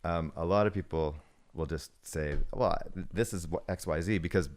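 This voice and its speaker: Middle-aged man, extremely low voice, slow considered podcast talk. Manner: measured, hesitant, thinks aloud. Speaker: podcast guest, former snowboard shop manager. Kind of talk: casual podcast conversation.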